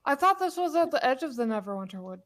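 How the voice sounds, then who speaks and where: A woman at an online tabletop game chats quickly and jokes about her character's doings. Her voice sits a little high. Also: big pitch swings. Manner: quick, joking, laughs often. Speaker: player. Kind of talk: tabletop role-play, in character and out.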